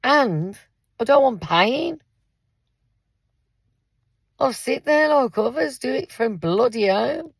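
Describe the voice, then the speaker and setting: Gravelly, husky woman in her fifties. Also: fairly high pitch, lively intonation, takes it slowly, pauses often, dry recording. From England. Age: 50s. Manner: blunt, swears freely, addresses listeners directly. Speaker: parent and carer. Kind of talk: angry vlog rant. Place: in a car in a car park.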